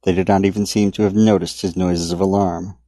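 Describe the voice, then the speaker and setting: A man reading his own dark story aloud in a measured audiobook narration. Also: low-pitched, no echo. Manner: steady, measured dramatic reading.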